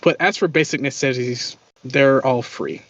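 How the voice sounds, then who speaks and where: A man's voice: medium pitch, normal speed, fairly bright tone, no room sound. Rambling man running a tabletop game. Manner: rambling, full of "you know" fillers. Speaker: game master. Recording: dull lo-fi audio.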